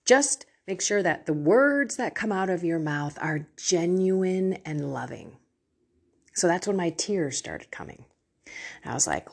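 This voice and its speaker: Middle-aged woman podcast host: husky, expressive, openly emotional as she teaches on faith. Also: lowish voice, measured pace. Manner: emotional, candid, laughs often. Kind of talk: personal faith teaching to listeners.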